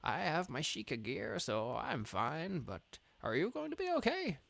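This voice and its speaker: A man's voice: on the high side, huge pitch swings, unhurried, vocal fry, fairly bright tone, dry recording, full character voice. A man voicing a chatty, friendly male traveling artist who loves gossip. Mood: cheerful.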